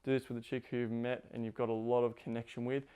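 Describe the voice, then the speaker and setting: A man's voice: medium pitch, little pitch movement, fast, mellow, clear, resonant tone. A man giving casual spoken instruction as a coach, rambling with lots of "like" fillers. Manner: rambling, heavy use of "like" fillers. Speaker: intimacy coach.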